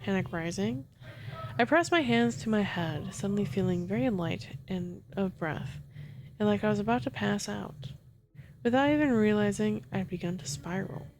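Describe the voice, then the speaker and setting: A woman narrating a first-person horror story in a soft, steady ASMR reading. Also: mid-range voice, moderate pace, slight background noise.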